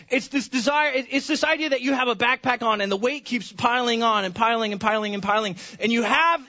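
A man's voice: extremely high pitch, bright, forceful tone, muffled recording. A man preaching a Sunday sermon in a church, conversational, often repeating words and restarting phrases. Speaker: pastor.

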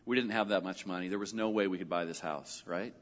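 A middle-aged male pastor telling a personal story in a sermon, animated and lively when he quotes other people. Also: deep voice, fast talker. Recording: dull audio with long hall reverb.

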